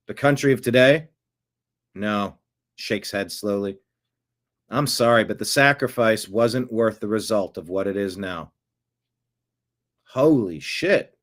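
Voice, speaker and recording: A man delivering political commentary, emphatic and indignant. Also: medium pitch.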